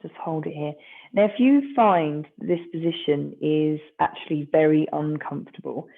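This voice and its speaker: Gravelly stretching instructor, tinny sound. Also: medium pitch, normal speed. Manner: gentle, encouraging, with light self-mocking asides. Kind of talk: guided stretching class.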